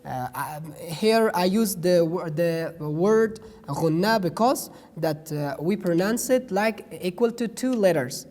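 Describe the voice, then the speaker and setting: A slow, unhurried teacher with a mellow, dark tone walks through pronunciation rules in careful. The speaker hesitates often and drags out each example twice. A long reverb trails after every phrase. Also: mid-range voice, expressive. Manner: hesitant, many pauses and fillers, repeats each example slowly. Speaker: Quran recitation teacher.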